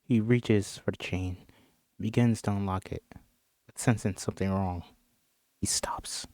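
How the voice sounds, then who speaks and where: A man's voice: fairly low pitch, steady tone, moderate pace, dark tone, no echo. Brief: casual male script reader, chatty and jokey, close dry mic. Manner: chatty, laughs, jokes and apologizes between lines. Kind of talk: casual script reading with commentary.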